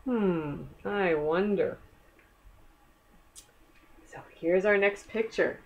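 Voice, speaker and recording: A woman reading a picture book aloud to children, gentle and asking the listener questions. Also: medium pitch, extremely slow, dull audio. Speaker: storyteller.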